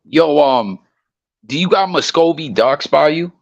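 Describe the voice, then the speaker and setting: A man's voice: fairly high pitch, expressive, a little slow, creaky. A man chatting casually on a livestream podcast, hesitant and full of "like" and restarts.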